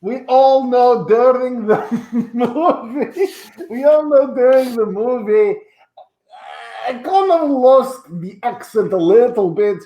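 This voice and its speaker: A man's voice: very high voice, lively intonation, unhurried, dark tone, dull audio. A man playing a rambling, self-important actor who claims to be Shrek, his fake accent slipping between Scottish and Australian, heard over an echoey video call. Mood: boastful.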